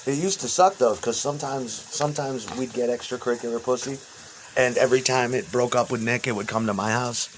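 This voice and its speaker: A man in his fifties telling rambling personal stories, profane and halting, with restarts. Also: mid-range voice, slight background noise. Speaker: interviewee.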